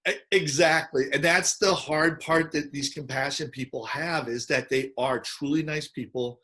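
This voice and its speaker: Guy hosting a chat, lively, keeps doing little voices for people in his stories. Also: on the high side, normal speed. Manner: animated storyteller, acts out quoted voices. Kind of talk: casual chat.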